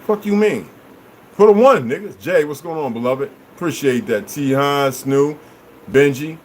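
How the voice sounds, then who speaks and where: A man ranting on a livestream, cursing a lot and swinging between loud outbursts and low mutters. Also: slight background noise, rough recording. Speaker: livestream host. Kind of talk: rambling livestream rant.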